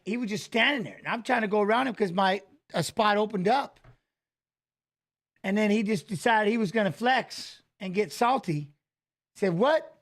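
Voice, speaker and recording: A middle-aged man in casual chat, telling a story with swearing and loud, exclaimed quotes. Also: high-pitched. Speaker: fight analyst streaming a watch-along.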